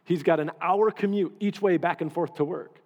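A man's voice: sits high, normal speed, darkish tone, highs cut off. A male pastor preaching in a casual, conversational way, often repeating phrases for emphasis. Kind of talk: sermon. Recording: long hall reverb.

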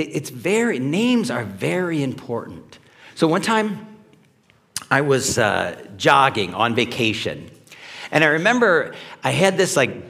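A male pastor delivers a sermon in a conversational, questioning manner, his pitch swinging up and down with lively expression. His voice rings out with the long reverb of a large church hall. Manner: conversational, animated, asks the congregation questions. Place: church sanctuary.

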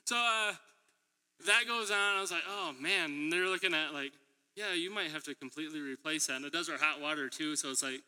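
A man's voice: on the high side, steady tone, fast talker, sharp tone. A man preaching a sermon in a church hall, telling stories in a chatty way, laughing often and acting out what people said. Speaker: preacher and middle school teacher. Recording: long hall reverb.

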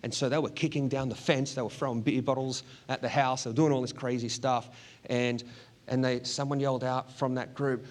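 A man's voice: medium pitch, fairly even intonation, fairly quick. A middle-aged man preaching a sermon, telling a personal story earnestly and laughing often as he goes. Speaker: pastor.

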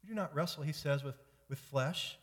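A man's voice: on the high side, moderate pace. Earnest man preaching in a reverberant church. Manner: earnest, emphatic, repetitive build-ups. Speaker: pastor. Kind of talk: sermon.

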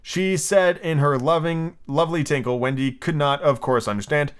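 A man's voice: a little high, moderate pace, clear, resonant tone. A man hosting a podcast, reading a classic children's novel aloud in a casual way, with small slips, asides and page numbers called out. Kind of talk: casual storybook read-aloud.

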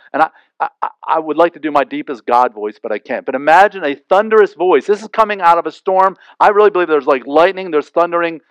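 A man's voice: fairly high pitch, lively intonation, brisk, clean tone, no echo, poor audio. A man preaching a sermon in a conversational way, full of asides and rhetorical questions. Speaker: pastor.

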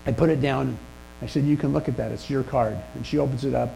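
A man delivers a sermon in a relaxed, storytelling manner, poking gentle fun at himself. His voice is gravelly and dark in tone. A faint mains hum sits under the recording. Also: medium pitch, fairly quick, low-quality recording. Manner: conversational, self-deprecating anecdotes. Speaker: pastor.

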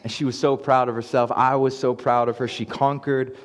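A man in his thirties, a pastor preaching a sermon and telling a family story, moving from hushed to excited. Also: medium pitch, a little fast. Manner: storytelling, swings from hushed to hyped. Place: church sanctuary. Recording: long church hall reverb.

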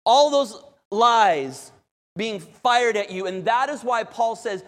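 A man preaching a sermon as pastor, dramatic, moving between loud urgency and hushed calm. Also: sits high, takes it slowly. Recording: long hall reverb.

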